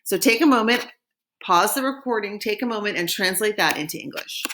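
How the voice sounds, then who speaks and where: Woman teaching French slowly. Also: mid-range voice, animated, a bit bright, a little hiss or hum. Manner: slow modeling of phrases for repetition. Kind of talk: recorded classroom lesson.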